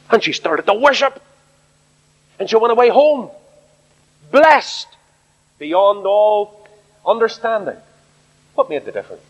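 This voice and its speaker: A man preaching an earnest sermon at a Bible study, asking rhetorical questions. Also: a little high. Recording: echoey hall, dull lo-fi sound.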